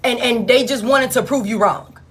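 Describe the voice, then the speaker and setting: A woman's voice: fairly high pitch, moderate pace, husky. A woman giving a casual tarot reading, blunt and profane as she tells it. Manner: blunt, profane, animated storytelling. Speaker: tarot reader.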